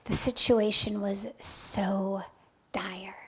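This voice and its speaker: A woman spiritual teacher shares a personal story during a spiritual talk, speaking slowly and reflectively. Her medium-pitched voice is mostly flat, but it often sinks to a soft, breathy near-whisper before rising to stress key words.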